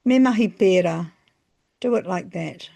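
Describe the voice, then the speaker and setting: A woman narrating a scripted language lesson, phrasing each example slowly and carefully. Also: on the low side, gravelly, mellow. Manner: slow, careful phrasing with pauses between examples. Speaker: language teacher.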